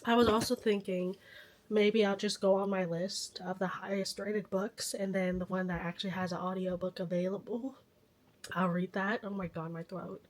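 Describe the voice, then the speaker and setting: A woman vlogging casually about books, hoarse with a stuffy nose from illness, chatty and a little dramatic about it. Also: medium pitch, fairly even intonation, normal speed. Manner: chatty, self-aware dramatic. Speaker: book vlogger. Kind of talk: casual vlog chat.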